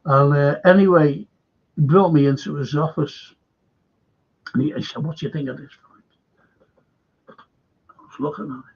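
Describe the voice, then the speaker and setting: A man's voice: on the high side, normal speed, gravelly, long pauses, breathy edge, dull audio. A man with a Liverpool accent hosting a live stream, telling a rambling story that is full of swearing and heated outbursts. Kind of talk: casual rant to a live stream.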